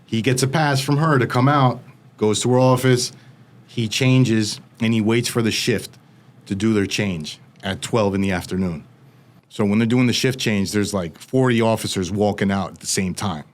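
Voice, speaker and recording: A man's voice: fairly low pitch, normal speed. A man guest on a podcast, recounting a personal story with vivid, casual storytelling and lots of filler words.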